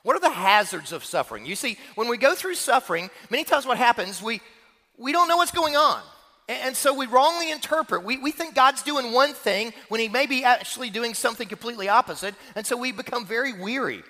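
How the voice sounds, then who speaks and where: A man's voice: very high-pitched, animated, a little fast, pushed and bright, long reverb tail. A male pastor preaching a sermon, telling stories from his own childhood and asking questions of his congregation.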